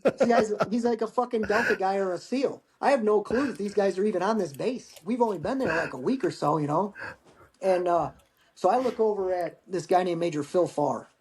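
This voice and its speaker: A man's voice: sits high, brisk. A middle-aged man, a military veteran guest on a podcast, telling a story casually with lots of swearing and acted-out quotes. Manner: profane, animated anecdote-telling with acted quotes.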